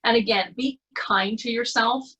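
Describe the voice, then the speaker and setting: A Canadian woman leads an online presentation workshop from her computer mic. Her voice is bright and a little husky. She keeps things conversational and encouraging, stopping often to check in with "okay?". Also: a little high, normal speed, highs cut off. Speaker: presentation skills coach. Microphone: computer mic on a video call.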